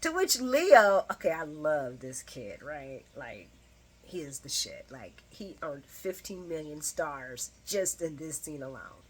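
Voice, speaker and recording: A woman's voice: low-pitched, big pitch swings, slow. A woman recapping a soap opera episode in casual chat, full of sassy asides and frequent laughter.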